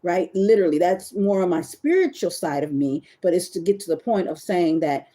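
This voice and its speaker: A middle-aged woman hosting a casual live stream, chatty and animated, talking straight to her viewers and often stopping to correct herself. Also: lowish voice, moderate pace. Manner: self-correcting, searches for words. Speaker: webcam model host.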